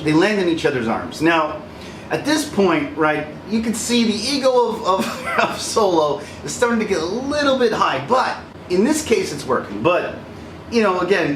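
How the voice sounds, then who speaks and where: A man's voice: on the high side, echoey room, far from the mic, background noise. A man hosting a casual commentary video, talking animatedly and laughing often as he acts out quotes. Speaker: video essay host. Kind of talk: casual commentary over film clips.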